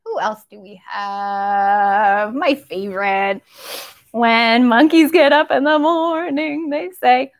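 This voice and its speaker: A young woman leads a toddler story time in a high voice. She speaks slowly and in a playful sing-song, with animal noises, counting rhymes and little sound effects. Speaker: children's librarian leading story time.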